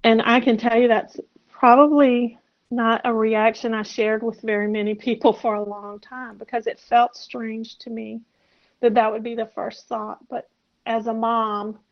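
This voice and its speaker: Woman in her 60s telling a story on a podcast, soft and reflective, pretty high voice but flat, dull muffled sound. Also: a little slow. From South Carolina. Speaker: podcast guest. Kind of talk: personal storytelling interview. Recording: muffled lo-fi audio.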